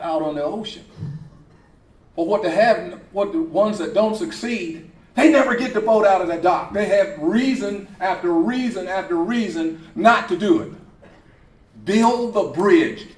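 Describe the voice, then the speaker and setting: A man's voice: sits high, normal speed. A middle-aged man, a coach, giving an emphatic motivational speech at an event, repeating his key phrases with a rising, preaching cadence. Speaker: coach and speaker. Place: event hall. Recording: echoey hall, speaker far from mic, faint ambience.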